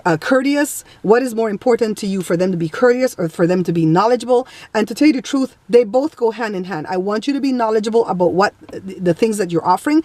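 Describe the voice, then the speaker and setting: Blunt animated woman vlogger. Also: medium pitch, no echo. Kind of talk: casual storytelling.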